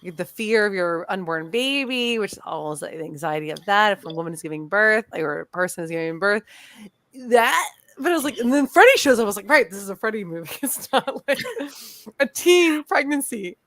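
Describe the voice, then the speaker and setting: A woman co-hosts a casual film podcast. She talks with animation, laughs often and acts out characters' lines. Her voice sits at a medium pitch and sounds dry and close to the mic. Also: lively intonation, brisk, fairly bright tone, dry recording. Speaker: podcast co-host. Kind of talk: casual chat.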